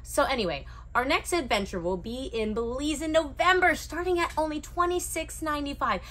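A woman's voice: high-pitched, a little fast, a bit bright. A woman co-hosting a dive shop video newsletter, chatting casually and tossing in wry asides. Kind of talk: casual promotional newsletter chat.

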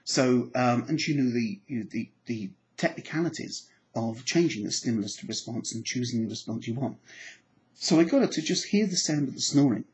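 Male hypnotherapy trainer, mid pitch, storytelling teacher who voices the people in his anecdotes and drops into slow, soothing trance-style phrasing. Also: lively intonation, poor audio. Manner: storytelling, acts out quoted dialogue, soft hypnotic phrasing.

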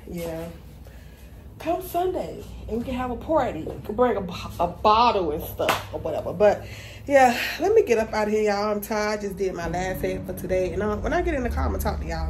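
A woman's voice: mid-range voice, a little mellow. A woman hairstylist talking casually and emotionally to her vlog viewers from her salon, chatty and slangy, calling them y'all. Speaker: hairstylist and vlogger. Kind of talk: casual vlog talk to camera. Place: her salon shop, indoors. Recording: noticeable background noise.

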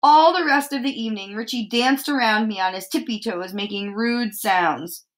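A woman teacher reading a picture book aloud to children, expressive and stopping to ask them questions. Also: a little high, moderate pace.

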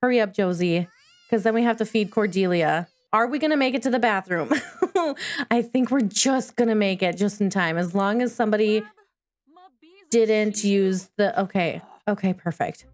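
A woman's voice: mid-range voice, normal speed. A woman giving casual let's-play commentary, chatty and cooing at the characters in her game. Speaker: gaming video creator.

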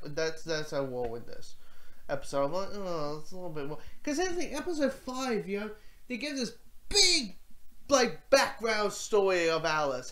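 A reviewer talking through a TV episode in a casual video review, rambling with many restarts and self-corrections. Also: medium pitch.

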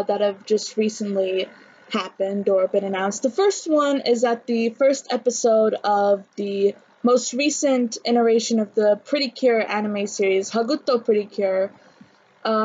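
A woman's voice: on the high side, darkish tone, dull audio. A woman talking casually in a vlog, chatty and full of fillers and restarts. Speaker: anime vlogger.

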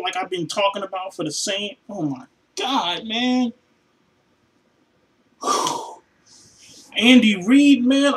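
A fed-up man rants in his room, his voice sitting high and bright. He sighs heavily, drops into weary mutters, then bursts into profane shouts. It is a raw, unscripted fan vlog. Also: low-quality recording. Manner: profane, exasperated, sighing, swings between mutters and shouts. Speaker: vlogger reacting to a football loss. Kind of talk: angry fan rant.

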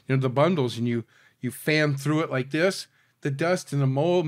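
A man being interviewed as a guest, telling profane, animated stories in a casual chat. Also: a little high, dry recording, clean studio sound.

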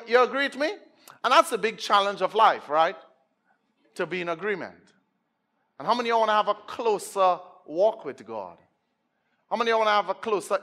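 A Trinidadian man preaching with a high, bright, ringing voice. He drops to near-whispers, then bursts into shouts, and mixes Scripture with jokes to the congregation. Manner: energetic, swings from hushed to shouting, joking with the crowd. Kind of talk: sermon.

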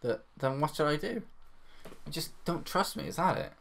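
A man's voice: on the high side, expressive, moderate pace, gravelly, a bit bright. A man reading an indecisive young man with a hesitant, pleading delivery.

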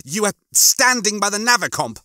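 A man's voice: sits high, big pitch swings, normal speed, bright, forceful tone, dry recording, clean studio sound, voice pushed up, full character voice. A man voicing Rimmer, a smug and prissy male crewmate who gloats in a prim manner.

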